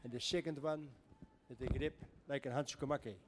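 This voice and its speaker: Measured man explaining in an echoey hall. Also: mid-range voice, steady tone. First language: not English. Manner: measured and explanatory, non-native phrasing. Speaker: seminar co-presenter. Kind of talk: explaining to an audience. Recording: echoey hall with faint noise.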